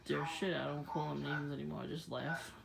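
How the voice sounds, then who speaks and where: Woman, low gravelly voice, casual vlog monologue, laughs a lot, crowd noise behind. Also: steady tone, normal speed, poor audio. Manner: laughs often, loose rambling storytelling. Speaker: vlogger. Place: outdoors at night.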